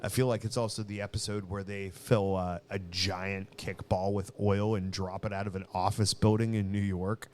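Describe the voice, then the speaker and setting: A man's voice: fairly low pitch, little pitch movement, moderate pace, hardly any pauses, darkish tone, slight background noise. A man co-hosting a podcast, telling rambling stories in casual chat. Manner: rambling storyteller, acts out quoted voices. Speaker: podcast co-host.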